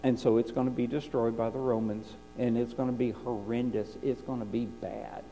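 A man preaching a sermon, climbing into impassioned high peaks and then dropping low and quiet. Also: little pitch movement, normal speed, soft background music. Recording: dull lo-fi recording with mains hum.

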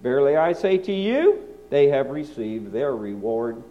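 A man preaching a sermon, swinging from loud emphasis to quiet, hushed asides. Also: mid-range voice, sing-song, measured pace, soft background music. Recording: dull lo-fi recording.

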